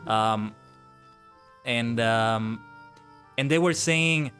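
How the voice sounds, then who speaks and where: A man chatting on a live gaming stream who breaks into animated, swearing rants. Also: mid-range voice, very slow, faint music behind. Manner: ranting, swears freely, animated outbursts. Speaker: VTuber streamer. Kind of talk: casual live-stream chat while gaming.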